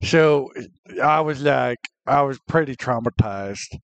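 A man hosting a comedy podcast, answering in a deadpan way with naive questions. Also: mid-range voice, slow pace, vocal fry, smooth, no echo. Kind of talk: casual podcast banter.

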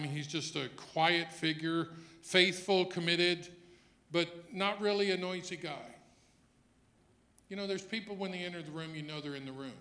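A man preaching a sermon in a church, dropping to a hush and then rising to loud emphasis as he acts out quoted lines. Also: a little high. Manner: swings between hushed and loud emphasis. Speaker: pastor. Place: church hall.

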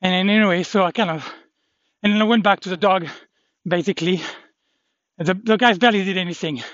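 A shaken, adrenaline-pumped vlogger rambles in a personal vlog about a dog fight, swearing under his breath and trailing off. His high voice is a little fast and a bit bright, on a dry, lo-fi recording.

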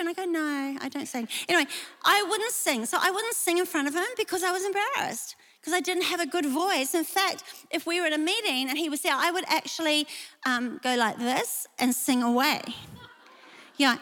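Woman preacher, high voice, bright tone, chatty and self-deprecating, laughs often, long hall reverb. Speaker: pastor. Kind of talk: sermon. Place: large church auditorium.

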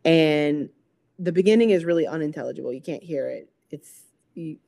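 A woman, a recreational therapist, telling an emotional story in an interview, lively, acting out quoted voices with many fillers. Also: deep voice, moderate pace, gravelly, no echo.

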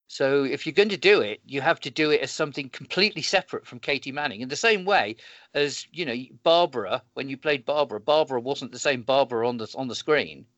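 Bright dry-sounding guy chatting, rambles and restarts a lot, kinda lo-fi. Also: medium pitch, quick pace, no echo. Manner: rambling, many restarts, laughs while explaining. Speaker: podcast co-host. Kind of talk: casual chat planning a role-play. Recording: dull lo-fi sound.

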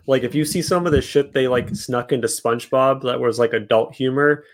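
A young man hosts a relaxed talk show in an easygoing, joking way. His voice sits at an average pitch, and his speech is loose and full of slang. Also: fairly quick. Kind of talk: casual chat.

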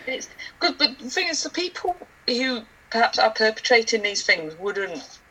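Woman co-host, bright tone, chatty asides. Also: a little high, big pitch swings, breathy edge, poor audio. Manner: chatty interjections and quick asides. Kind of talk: casual film recap chat.

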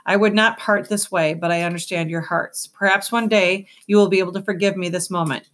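A woman's voice: on the low side, steady tone, a bit bright, close to an everyday voice. A woman reading the lines of a solemn, formal elderly male leader in a storybook. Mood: regretful. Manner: grave, formal, deliberate.

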